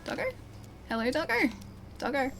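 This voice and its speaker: A woman's voice: high-pitched, very animated, moderate pace, vocal fry, a bit bright, slight background noise, low-quality recording. A woman with an Australian accent chatting casually as she plays a game on stream, coaxing and teasing the monsters. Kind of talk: casual gameplay commentary. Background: game music.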